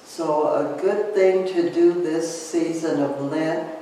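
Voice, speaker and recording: A man guides a meditation at a very slow, calm pace, repeating each phrase after long pauses. His voice sits a little high. He is recorded from a distance in a very echoey room with a faint hiss behind him. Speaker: church leader guiding a Lent meditation. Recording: roomy, from a distance, with faint noise.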